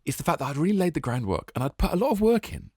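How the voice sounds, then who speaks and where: A man co-hosting a golf podcast, telling stories in an animated, jokey way. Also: fairly high pitch, very fast, breathy edge, no room sound, clean studio sound. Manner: animated, jokey, exaggerated storytelling. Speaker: podcast co-host. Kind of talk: casual chat.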